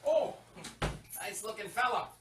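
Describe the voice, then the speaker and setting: An actor playing an awkward, nervous aspiring writer who fumbles through a self-conscious introduction. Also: male voice, sits high, a little slow, reverberant. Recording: distant mic, noisy film audio.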